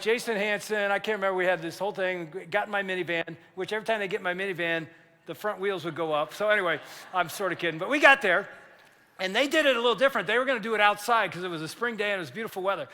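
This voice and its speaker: An older man preaching a sermon, telling a story with lively acted-out dialogue and building to shouts. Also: sits high. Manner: animated, acts out dialogue, rising to shouts at climaxes. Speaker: pastor. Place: church sanctuary. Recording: long church hall reverb.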